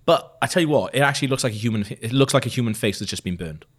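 A man, co-hosting a casual film review chat and talking with excitement, often trailing off mid-sentence. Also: mid-range voice, rapid-fire. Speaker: podcast co-host.

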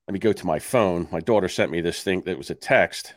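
A man's voice: low-pitched, brisk, no echo, clean studio sound. A man in his sixties co-hosting a podcast, telling a story in casual chat, swearing and acting out both sides of his phone calls. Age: 60s. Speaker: podcast co-host.

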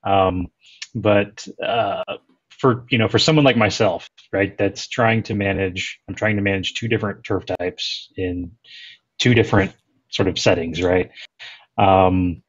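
A man with a fairly low voice asks a guest's questions hesitantly, pausing and hunting for words. His audio sounds dull and lo-fi. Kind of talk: casual interview questions.

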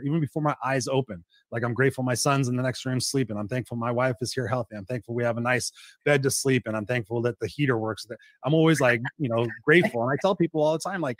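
A man's voice: mid-range voice, quick pace, no echo, studio quality. A man hosting a podcast, chatting casually and eagerly telling stories. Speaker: podcast host. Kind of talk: casual interview chat.

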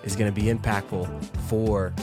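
A man's voice: fairly low pitch, level tone, normal speed, music in the background. A man co-hosting a podcast interview, talking in an enthusiastic, chatty way. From Texas. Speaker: podcast co-host.

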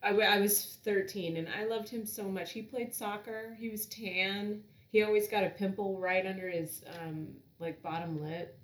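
A woman's voice: medium pitch, fairly even intonation, normal speed, echoey room. A woman co-hosting a podcast, chatting with wry, playful banter. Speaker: podcast co-host. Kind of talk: casual podcast chat.

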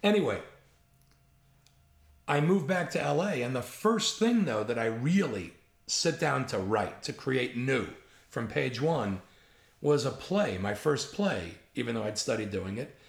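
Sixties New York writer, gravelly, spins lively anecdotes in an echoey room. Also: male voice, mid-range voice, a little slow. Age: 60s. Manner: animated anecdotal storyteller, gravelly. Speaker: guest, writer. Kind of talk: storytelling interview. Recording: roomy echo.

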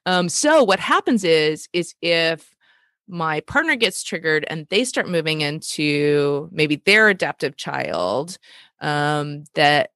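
A woman co-hosting a conversational talk, explaining ideas about relationships and stressing key points slowly. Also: low voice, big pitch swings, fairly bright tone, no echo, clean studio sound.

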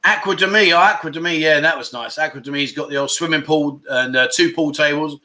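A chatty man hosts a livestream and riffs on viewer comments. His voice sits a little high and rings bright and forceful. He jokes around, wanders off topic and forgets names mid-sentence. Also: a little fast. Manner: rambling, jokey, loses his train of thought. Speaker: livestream host. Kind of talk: casual livestream chat, reading viewer comments.

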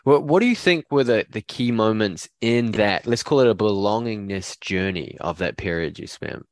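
A man interviewing a guest, asking long thoughtful questions with halting restarts. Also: on the low side, animated, no echo.

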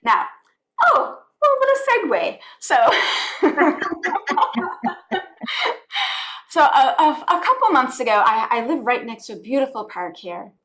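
Woman guest from the US, spiritual coach, higher voice, heartfelt and repetitive. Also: very animated, slow, pauses often, pushed and bright. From United States. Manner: earnest and heartfelt, repeats phrases, laughs often. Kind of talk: conversational podcast interview.

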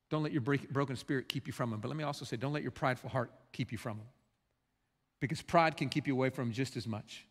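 A male pastor preaching a sermon, impassioned and swinging between loud outbursts and hushed, quiet passages. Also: mid-range voice, fast, big-room sound.

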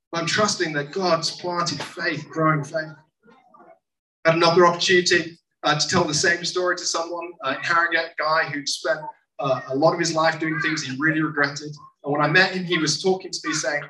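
A preacher telling a story to a congregation in a lively sermon style, acting out the people in it. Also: mid-range voice. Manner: animated, acts out quoted voices. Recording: echoey room, mic at a distance, faint noise.

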